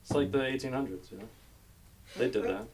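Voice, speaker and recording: A man's voice: mid-range voice, a little fast, noisy background. A man performing a stand-up comedy set on a club stage, telling self-mocking, rambling stories into a stage mic.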